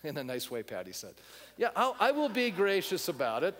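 A man's voice: on the high side, wildly swooping pitch, a little fast, fairly bright tone, in a large hall. A male pastor preaching a sermon, blunt and emphatic, talking to the congregation in a conversational way and asking them questions.

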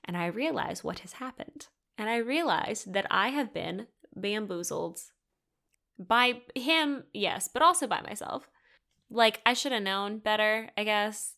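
Bright-voiced woman telling a candid story. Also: medium pitch, moderate pace. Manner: candid, swearing, animated retelling with quoted dialogue. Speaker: podcast host. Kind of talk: solo storytelling chat.

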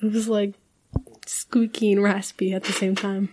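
A woman's voice: medium pitch, little pitch movement, moderate pace, a little mellow, a little hiss or hum. A young woman in a casual group conversation, telling personal stories in a rambling way with many fillers. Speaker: group chat participant.

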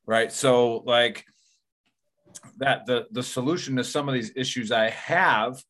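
A man's voice: mid-range voice, a little slow, a bit bright. A man hosting a podcast in casual chat, rambling and profane, leaning on "like" and "you know". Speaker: podcast host.

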